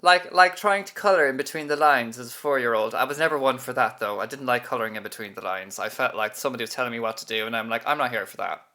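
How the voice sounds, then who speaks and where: A man's voice: mid-range voice, fast talker, hardly any pauses, pushed and bright. A man co-hosting a podcast, chatting in a playful, rambling, self-mocking way. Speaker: podcast co-host. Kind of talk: casual chat.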